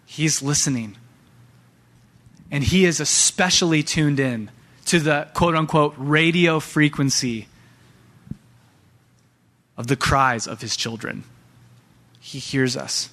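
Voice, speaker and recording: Pastor, male, higher-pitched, lively pulpit delivery, speaks straight to the congregation. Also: slow, long pauses. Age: young adult to middle-aged, father of young sons. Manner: animated preaching, addresses the church directly. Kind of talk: sermon.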